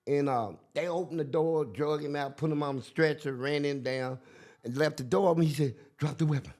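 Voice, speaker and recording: A man's voice: fairly high pitch, a little fast. An older man telling a story in casual chat, acting out the people he quotes. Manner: animated, acts out quotes in different voices. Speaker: guest.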